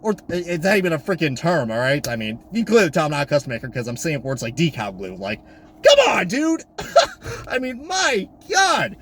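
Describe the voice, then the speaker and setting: A man ranting loudly on camera about diecast cars, swearing and swinging from high exasperated shouts down to low mutters. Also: sing-song, normal speed, a little hiss or hum. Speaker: diecast collector vlogger. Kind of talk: profane comedic rant. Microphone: camera mic.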